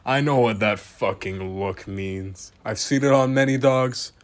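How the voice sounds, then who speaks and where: Deadpan man mock-rating animals. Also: on the low side, unhurried. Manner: deadpan, swears casually, talks straight to the animals. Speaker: host reviewing animal pictures. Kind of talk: mock-serious comedic commentary.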